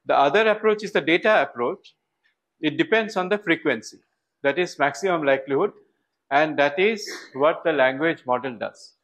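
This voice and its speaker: A man's voice: a little high, moderate pace, a bit bright, low-quality recording. A man giving a university lecture, thinking aloud with fillers and restarts. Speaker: professor.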